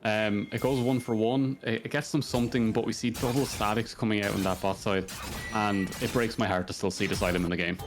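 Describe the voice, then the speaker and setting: Male esports caster, low voice, quick play-by-play, music bed underneath. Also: steady tone. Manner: fast play-by-play with rambling asides. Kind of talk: live esports commentary.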